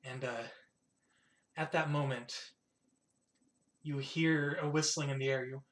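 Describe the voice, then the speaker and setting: A man's voice: mid-range voice, fairly even intonation, takes it slowly, a bit bright. A man narrating as game master of a tabletop game, rambling and full of fillers.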